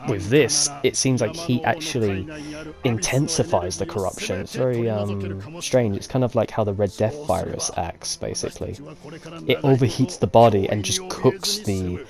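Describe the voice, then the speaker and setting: A man's voice: fairly low pitch, normal speed. Rambling man musing over game music. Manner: rambling, musing aloud with fillers. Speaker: let's play gamer. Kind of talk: casual gameplay commentary. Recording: game music playing behind.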